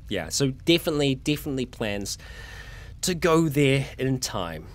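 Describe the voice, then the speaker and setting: A man's voice: mid-range voice, big pitch swings, normal speed. A young man, chatting casually on a livestream and answering viewer questions, a little tired. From New Zealand. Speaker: streamer.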